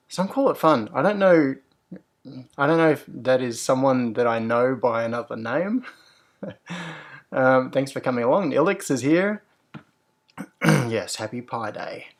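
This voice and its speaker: A man hosts a relaxed livestream, with a gravelly edge to his mid-range voice. He greets his viewers brightly, then talks through technical answers at length, wandering off on tangents as he goes. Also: mid-range voice, a little slow, pauses often. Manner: upbeat greetings, rambling technical explanations. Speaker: host. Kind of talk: casual livestream chat.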